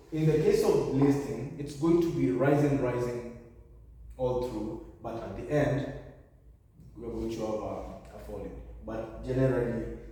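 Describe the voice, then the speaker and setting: Here a man from Kenya teaches a revision lesson with a warm, mid-range voice, explaining each step and often catching his own mistakes. Slight background noise comes through, and the room is echoey with the mic far away.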